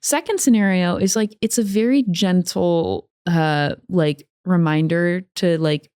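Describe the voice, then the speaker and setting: A woman with a lowish voice chats her way through a story on a podcast. She laughs often and slips into little voices for quoted lines. The sound is close and dry. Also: unhurried, darkish tone, clean tone, dry recording. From United States. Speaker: podcast co-host. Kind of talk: casual podcast chat.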